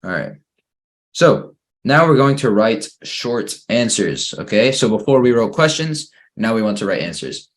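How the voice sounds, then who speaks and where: With big swings in pitch, a patient male English teacher whose voice sits fairly low leads a children's grammar lesson over a computer microphone. He reads the exercises out slowly and encourages every answer given.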